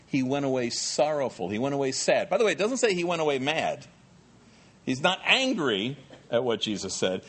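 A middle-aged male pastor preaching a sermon in a lively, conversational way with jokey asides. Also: medium pitch, husky.

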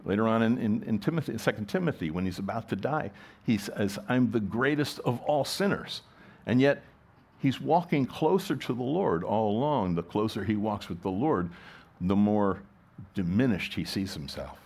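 A man's voice: on the low side, lively intonation, moderate pace, gravelly, darkish tone, breathy edge. A middle-aged man, a pastor, preaching a sermon in a conversational way, full of rhetorical questions and restarts.

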